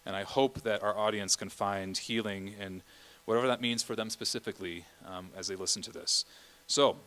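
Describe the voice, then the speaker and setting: A choir director gives rehearsal instructions to a church choir, his fairly low, steady voice a bit bright and his speed normal. He explains the music with patience and often checks in with the singers by asking "okay?"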